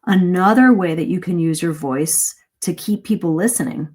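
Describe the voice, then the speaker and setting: A middle-aged woman coaching English speaking in a live-streamed lesson, lively and shifting her pace and emphasis to demonstrate. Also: fairly low pitch, normal speed, few pauses.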